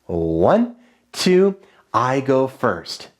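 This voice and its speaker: Guy teaching kids music, chants rhythms in a bouncy up-and-down voice, slow and clear. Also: huge pitch swings. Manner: clear, encouraging classroom call-and-response; chants rhythm syllables in a high sing-song. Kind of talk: online music lesson for children.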